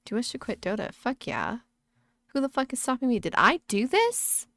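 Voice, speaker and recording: Gravelly woman streamer, rambly, laughing and cussing, dry close sound. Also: a little high, wildly swooping pitch, normal speed, a bit bright, dry recording. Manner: rambling, laughs often, swears casually. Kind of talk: casual gaming stream chat.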